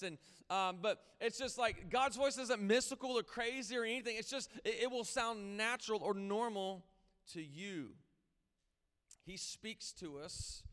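A man's voice: high voice, fairly bright tone, clean tone. A man preaching a sermon in a casual, conversational way, often repeating and restarting words as his energy builds. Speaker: pastor. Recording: long hall reverb with faint music behind.

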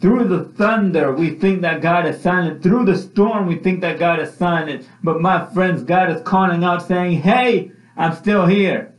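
A man's voice: sits high, moderate pace, hardly any pauses. A man preaching a sermon with passion, repeating his phrases as his voice rises and falls. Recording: echoey room, dull lo-fi sound.

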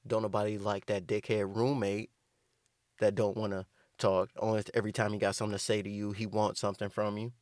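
A man's voice: fairly low pitch, flat delivery, a little fast, darkish tone, dry recording. A man delivering a rambling, profane comedic rant, riffing loosely and restarting his sentences. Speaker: comedic host.

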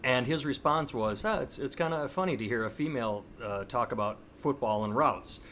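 Animated man hosting a podcast. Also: mid-range voice, normal speed, a little hiss or hum. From United States. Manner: animated, acts out outraged voices. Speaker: podcast host. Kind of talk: casual podcast chat.

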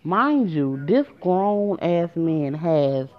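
A woman shares a personal story casually and emotionally, speaking directly to her listeners. Her voice is low and sing-song, with drawn-out words, and the recording sounds muffled and lo-fi.

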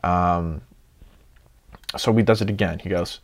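Young guy, lowish voice, swears a ton telling a party story, gets loud doing his friends. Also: measured pace. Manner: excitable, swears a lot, acts out friends' lines. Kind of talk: casual storytelling.

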